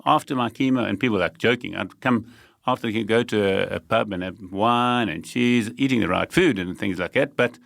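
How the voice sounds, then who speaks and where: A man's voice: mid-range voice, brisk, vocal fry, a bit bright, dry recording, clean studio sound. A South African man, a guest telling his story in a determined, emphatic way, laughing lightly now and then. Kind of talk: conversational storytelling.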